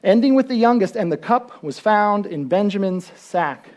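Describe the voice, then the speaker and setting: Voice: medium pitch, moderate pace. Pastor preaching casually, keeps asking the crowd questions, acts out bits of the story. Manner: conversational, asks the listeners questions; animated storytelling, acts out quotes. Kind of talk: sermon.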